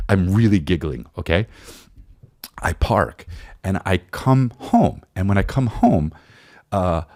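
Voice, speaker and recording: A lowish-voiced comedian hosts a podcast, spinning a rambling story in a casual monologue of animated comic storytelling. He acts out quotes and often restarts his sentences. The studio sound is clean, with no echo.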